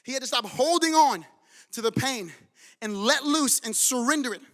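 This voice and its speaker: A man's voice: very high voice, animated, normal speed, a bit bright. A man preaching a sermon as pastor in a church, urging his congregation with fervent conviction. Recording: long reverb of a large church hall.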